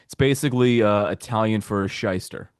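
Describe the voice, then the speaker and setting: A man's voice: on the low side, brisk, clean tone, no echo. A man who is a guest on a show, explaining things in detail with the odd dry joke. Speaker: documentary maker guest. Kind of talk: casual interview talk.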